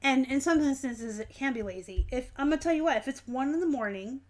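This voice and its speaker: A woman's voice: high voice, lively intonation, fast talker. A woman hosting a casual live stream, reading viewer comments and chatting frankly with lots of ums and self-corrections. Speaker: host of a live reselling Q&A stream.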